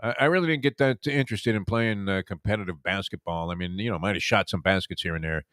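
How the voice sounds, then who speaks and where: This fairly low-pitched man from Brooklyn, New York talks fast, spinning rambling, nostalgic yarns as host of a laid-back sports talk show. The recording is dry and studio-clean, and his tone leans fairly bright.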